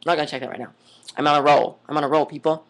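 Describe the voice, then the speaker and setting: A young adult woman talks very fast in a low voice with fairly even intonation, vlogging in a casual monologue. She's chatty and gushing, wandering off onto tangents and saying "oh my God" and "like" a lot.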